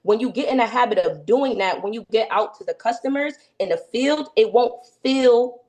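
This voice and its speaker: A woman's voice: a little high, moderate pace. Upbeat woman leading sales training. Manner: energetic, frequent tag questions. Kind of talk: team training session.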